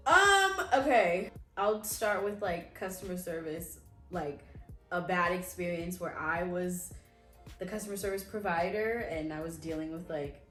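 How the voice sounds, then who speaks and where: A young woman hosting a casual storytime chat, chatty with quick reactions and fillers. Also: lowish voice, fairly bright tone, faint music behind. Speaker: host. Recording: echoey room.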